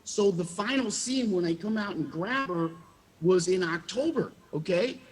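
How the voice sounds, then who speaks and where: A man, a former child actor, telling animated stories in a casual interview and acting out the quotes. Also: high-pitched, moderate pace. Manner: animated storyteller, acts out quotes with laughs.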